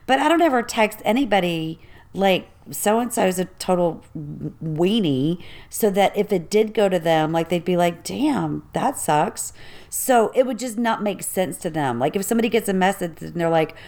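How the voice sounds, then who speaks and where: Chatty woman with a lowish voice. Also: animated, normal speed, darkish tone. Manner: chatty, reacts with gasps and interjections. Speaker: co-host. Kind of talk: casual chat.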